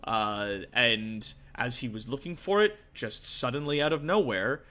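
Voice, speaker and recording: A man's voice: mid-range voice, animated, a little slow, pushed and bright. A man narrating a tabletop game as game master, in loose, vivid improvised narration.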